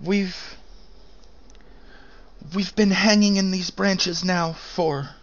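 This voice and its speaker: A man's voice: high voice, steady tone, highs cut off, voice pushed up, full character voice. A man putting on a weak stranded airship captain. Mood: pleading. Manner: weak, pleading, slow.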